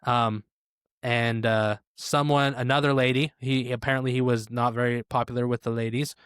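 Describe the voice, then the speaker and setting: Man, mid-pitched voice, podcast co-host, dry room, casual storytelling full of fillers. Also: level tone, normal speed, a bit bright, clear, resonant tone, no room sound. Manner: storytelling with filler "uh" and "like", wry asides. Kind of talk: casual chat.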